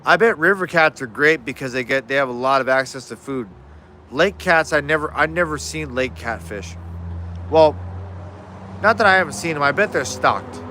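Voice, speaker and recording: Male livestream host, crisp bright tone, loose chatty delivery answering chat outdoors. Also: fairly high pitch, lively intonation, moderate pace, slight background noise. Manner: rambling, frequent restarts, answers chat. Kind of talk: casual live Q&A chat. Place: outdoors in his yard.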